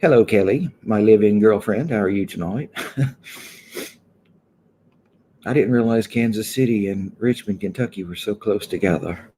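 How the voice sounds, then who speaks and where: A man's voice: on the low side, normal speed, pauses often, dark tone, slight background noise. A man hosting a casual livestream, chatting loosely and greeting viewers one by one from an indoor room. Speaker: livestream host. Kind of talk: casual live chat with viewers.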